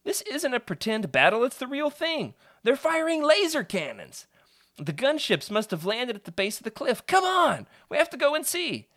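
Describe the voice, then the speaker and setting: A man's voice: extremely high pitch, huge pitch swings, normal speed, fairly bright tone, pitched above the performer's own voice, full character voice. A man voicing an eager young boy, a friend urging adventure in a read-aloud storybook. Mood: excited.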